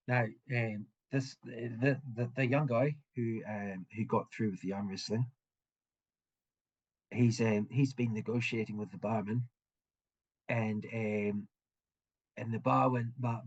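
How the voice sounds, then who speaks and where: A man narrating a tabletop game as game master, halting and full of restarts. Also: mid-range voice, husky.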